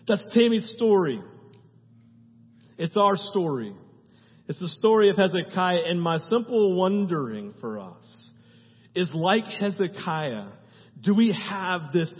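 A man preaching a sermon as pastor, swinging from hushed tones to loud, fervent prayer and often asking the audience "right?". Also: high voice, expressive, slow, breathy edge. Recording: dull, echoey church hall.

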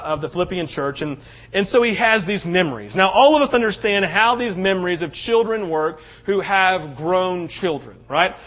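A man with a high voice preaching in a casual, animated style, often tossing in "right?" to the congregation. The recording sounds dull and lo-fi. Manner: conversational, animated, acts out quotes, often asks "right?". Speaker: pastor. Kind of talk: sermon.

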